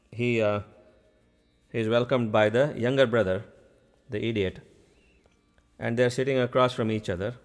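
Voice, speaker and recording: A man telling a parable in a casual way during a spiritual talk. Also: mid-range voice. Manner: casual, with frequent fillers. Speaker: spiritual speaker.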